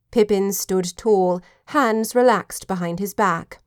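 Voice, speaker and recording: A woman's voice: mid-range voice, slow pace, hardly any pauses, no room sound, clean studio sound. Woman narrating an audiobook. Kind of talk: scripted narration.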